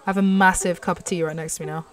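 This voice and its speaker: A young British woman giving excitable commentary while playing a horse racing game, urging her horse on. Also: on the low side, very fast, a little hiss or hum. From Britain. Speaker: gaming YouTuber. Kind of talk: live gameplay commentary.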